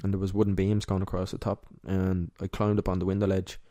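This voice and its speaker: Deep-voiced young Irish man, candid. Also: completely flat delivery, dark tone, no room sound, studio quality. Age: young adult. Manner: candid, emotional, halting. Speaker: podcast guest. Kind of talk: personal storytelling in interview.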